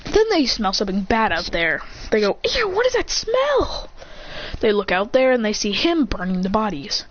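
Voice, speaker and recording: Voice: mid-range voice, animated, a little fast, a bit bright. A casual storyteller who rambles through a fan story, often restarting sentences and acting out the characters' lines. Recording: dull lo-fi recording with faint hiss.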